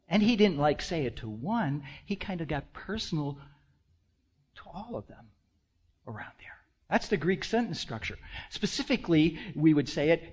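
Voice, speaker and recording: A man in his sixties, a pastor, preaching a sermon with rhetorical questions to the congregation, swinging between hushed asides and loud emphasis. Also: high voice, animated, normal speed, breathy edge. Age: 60s.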